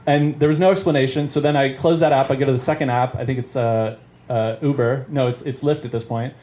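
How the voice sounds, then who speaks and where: A man's voice: mid-range voice, steady tone, a little fast, darkish tone. A man doing stand-up, telling a long story in a rambling, self-interrupting way and chuckling at it as he goes. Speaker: comedian. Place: live venue.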